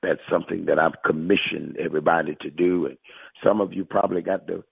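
A man's voice: deep voice, steady tone, quick pace, gravelly, breathy edge, dry recording. A male pastor preaching and prophesying to listeners on a conference call, emphatic and repetitive, drawing out key phrases. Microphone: phone line. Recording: tinny phone line.

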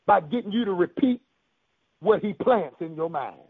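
A man preaching a radio sermon, making loud declarations and at times speaking in tongues. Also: high-pitched, animated, normal speed, breathy edge, dry recording. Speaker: pastor. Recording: tinny phone-like radio line.

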